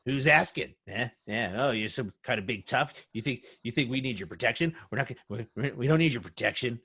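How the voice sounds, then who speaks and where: A man voicing a gruff, bossy male goblin who sneers at others. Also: mid-range voice, expressive, brisk, sharp tone, heavily acted. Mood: scornful. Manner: sneering, blustering.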